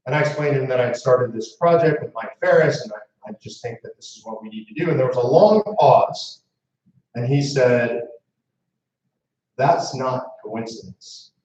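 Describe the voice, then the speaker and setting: A man's voice: mid-range voice, expressive, a little fast, a little mellow, far from the mic. A man giving a storytelling speech to a live audience as founder of a movement, speaking conversationally with asides to the crowd. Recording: echoey room mic heard from afar, muffled.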